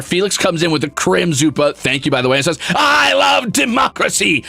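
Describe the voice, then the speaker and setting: A young man streaming casually, reading chat messages aloud, excitable and swearing freely. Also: fairly high pitch, vocal fry.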